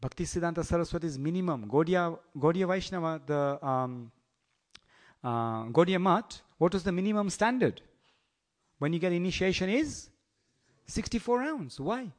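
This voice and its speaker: A man giving a storytelling sermon in an animated, teasing way, often asking his listeners questions. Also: fairly high pitch, moderate pace. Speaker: preacher.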